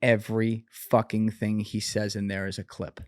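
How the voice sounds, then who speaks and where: A man in his twenties, a podcast guest, telling a story in a casual, animated way, full of swearing and fillers. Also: fairly low pitch, moderate pace, dry recording, clean studio sound. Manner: animated, profane, filler-heavy.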